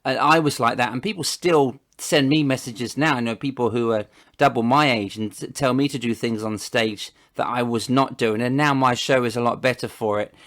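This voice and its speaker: A man's voice: mid-range voice, moderate pace, fairly bright tone. A man hosting a casual interview over a video call, rambling and often restarting his words. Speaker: host.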